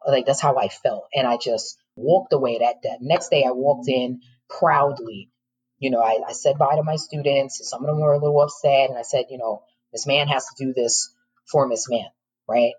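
A woman's voice: very deep voice, breathy edge, poor audio. A middle-aged woman, a former teacher, frankly telling her personal story in an interview, with emotion and occasional laughter.

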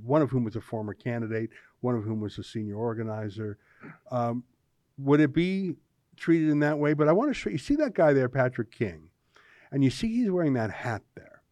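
A man's voice: mid-range voice, darkish tone, no room sound. A man hosting a casual political panel, talking wryly with frequent restarts. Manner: wry, rambling with restarts. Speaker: host.

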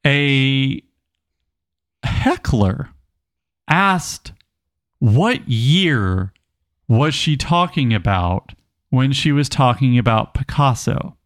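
A man co-hosting a casual book club podcast, an animated storyteller who reads passages aloud with emphasis. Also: medium pitch, very slow, pauses often, no echo, clean studio sound. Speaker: podcast co-host.

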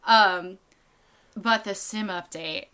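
A young woman casually telling a story on a podcast, animated and quick to act out other people's voices. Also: mid-range voice, clear, resonant tone. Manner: animated, acts out quoted people, laughs often, swears casually. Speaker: podcast co-host.

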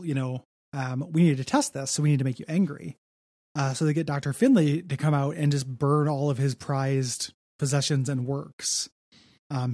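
A man's voice: mid-range voice, warm tone, no room sound, clean studio sound. A man co-hosting a podcast, recapping a film in casual chat, joking and laughing often. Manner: laughing, joking, acts out quotes. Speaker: podcast co-host.

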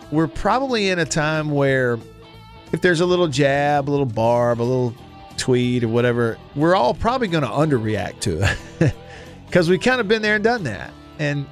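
A man hosting a sports radio show in a studio, talking in a relaxed, chatty way and laughing easily. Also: a little high. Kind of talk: casual sports talk radio. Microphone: studio microphone.

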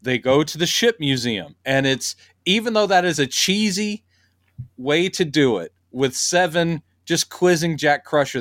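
Man, podcast co-host, casual chat, animated, acts out quotes, dry sound. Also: fairly high pitch, dry recording.

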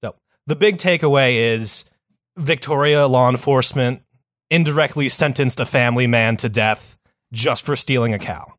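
A man's voice: mid-range voice, moderate pace, fairly bright tone, dry recording, studio quality. A young man co-hosting a comedy podcast, telling a history story in a casual, profane, laid-back way. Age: young adult.

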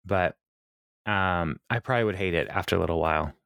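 A man co-hosting a podcast, casually retelling a sitcom episode with lots of fillers and quick laughs. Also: low voice, creaky, fairly bright tone, clean tone, dry recording, studio quality. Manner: retells scenes with quoted lines, many fillers, laughs often. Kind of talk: casual chat.

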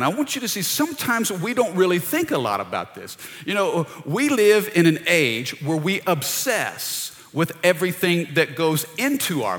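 A middle-aged man preaching a sermon in a church, energetic and calling out to the congregation. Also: fairly high pitch. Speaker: pastor. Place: church sanctuary. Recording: long reverb of a large hall.

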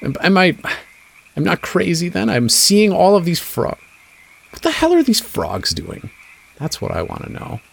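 A man's voice: sits high, wildly swooping pitch, unhurried, gravelly, husky, pitched above the performer's own voice, full character voice. A man voicing an exasperated, indignant man who is annoyed at drunks ruining his frog watching, as a tabletop game character. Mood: baffled.

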